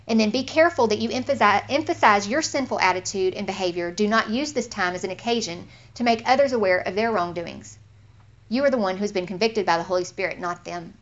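A woman giving an informal Bible teaching in an earnest, conversational way, getting animated when she acts out what others say. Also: medium pitch, a little fast. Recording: slightly dull lo-fi recording.

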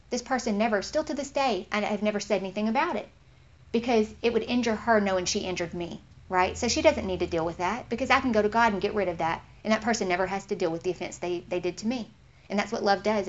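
Woman, Bible teacher, earnest, conversational, mid-pitched voice, slightly muffled recording. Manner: earnest, conversational, animated when quoting others.

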